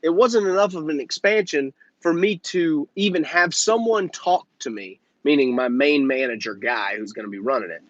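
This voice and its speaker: A man's voice: on the high side, a bit bright, no room sound, muffled recording. Blunt, profane man giving business advice. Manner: blunt and profane, peppered with "okay?" and "right?"; acts out conversations in quick character voices. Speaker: softwash business owner and channel host. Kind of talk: casual business advice talk.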